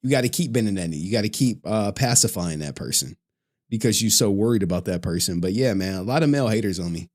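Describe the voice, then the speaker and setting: A man's voice: lowish voice, expressive, fast talker, a little mellow. A man chatting casually on a live stream, loose and profane, laughing often and reading out chat messages.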